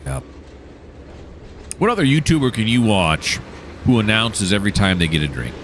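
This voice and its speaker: A man's voice: on the low side, animated, normal speed, pauses often, background noise. A man casually commenting while playing a train simulator game, joking and mocking himself as he rambles. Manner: jokey, self-mocking, rambling. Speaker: gameplay commentator.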